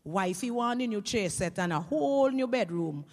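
A woman with a Caribbean Creole accent telling comic stories to an audience in a lively, chatty way, heard with long hall reverb. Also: medium pitch, moderate pace. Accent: Caribbean English Creole. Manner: lively, chatty, swings between voices. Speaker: storyteller.

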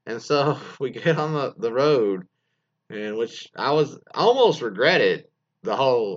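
A man's voice: medium pitch, very animated, normal speed. Guy riffing on listener stories, bouncy up and down voice, kinda muffled lo-fi sound. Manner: rambling, laughing, many fillers and restarts. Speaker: host reading listener stories. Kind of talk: casual comedic commentary.

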